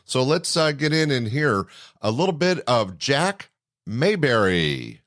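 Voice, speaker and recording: A man hosting a comedy podcast, introducing a set in a relaxed, conversational way. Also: medium pitch, slow pace. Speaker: podcast host.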